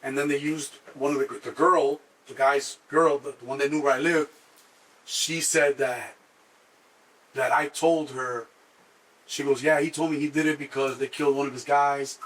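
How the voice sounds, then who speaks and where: A middle-aged man from Chicago, a guest in an interview, telling his story in an animated way and acting out the people in it. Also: medium pitch, moderate pace. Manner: animated, acts out cops and himself in quotes.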